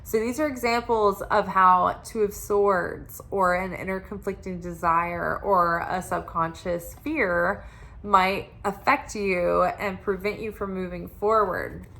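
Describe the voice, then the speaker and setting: A woman's voice: medium pitch, a bit bright. A woman giving a casual tarot reading, chatty and full of "like" fillers. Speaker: tarot reader.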